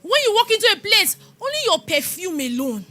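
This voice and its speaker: A woman pastor giving a lively testimony sermon in an animated storytelling manner. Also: very high voice, brisk. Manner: animated storytelling, laughing and exclaiming.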